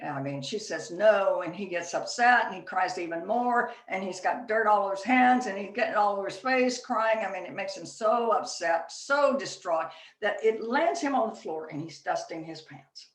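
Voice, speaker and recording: A woman's voice: medium pitch, moderate pace, few pauses. A woman giving a workplace leadership presentation at a chapter meeting, talking conversationally and telling stories with frequent fillers. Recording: echoey room, distant from mic.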